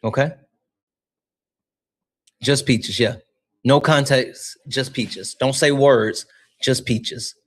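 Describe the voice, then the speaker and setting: Animated young man chatting on a livestream. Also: mid-range voice, slow pace, long pauses. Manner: animated, swears casually, talks straight to chat. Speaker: livestream host. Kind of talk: casual livestream chat reading donations.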